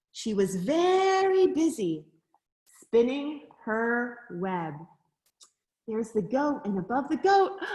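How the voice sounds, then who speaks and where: A nature center educator reads a picture book to young children in a high, sing-song voice with expressive leaps in pitch. She goes slowly, gasps at each discovery and keeps asking the kids questions, and the roomy sound has a clear echo.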